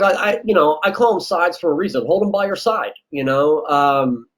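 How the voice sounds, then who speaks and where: Chatty casting director, higher-voiced man. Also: low-quality recording. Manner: relaxed, chatty, acts out quoted exchanges. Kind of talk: casual interview answers.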